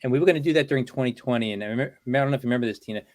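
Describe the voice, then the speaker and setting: A man's voice: mid-range voice, rapid-fire, no echo. Middle-aged man, dry close voice. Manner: relaxed, chatty anecdotes with filler "you know". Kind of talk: casual storytelling.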